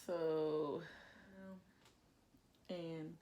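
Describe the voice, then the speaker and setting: A woman's voice: low-pitched, level tone, drawn-out words, dark tone. A young woman vlogging a hair care tutorial at home into a plugged-in microphone, chatty and self-mocking, openly nervous as she works. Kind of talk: casual tutorial chat.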